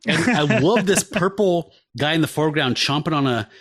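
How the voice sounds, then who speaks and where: A podcast host with a fairly high-pitched voice chats through comic panels, animated and rambling, dropping "um" and "like" as he goes. He sounds relaxed and enthused in casual talk. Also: moderate pace. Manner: animated, describes panels with many fillers. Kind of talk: casual comic-book discussion.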